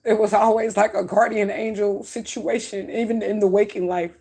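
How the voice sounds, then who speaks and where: Her voice is husky and dark, mid-range, with little pitch movement and an ordinary pace. The adult woman, a spiritual reader, pours out a raw personal story to her followers, cursing openly and sometimes weeping as she speaks.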